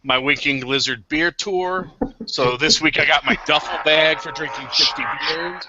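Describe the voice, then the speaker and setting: A man's voice: a little high, moderate pace, noisy background. A man co-hosting a casual podcast with friends, upbeat and playfully exaggerated. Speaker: co-host. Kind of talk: casual banter among friends. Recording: dull lo-fi podcast audio.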